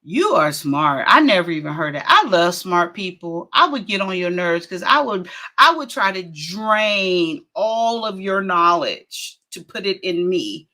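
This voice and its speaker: A woman's voice: fairly low pitch, measured pace. A middle-aged woman, hosting a live stream in casual, exclamatory chat. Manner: lively, exclaims and laughs often.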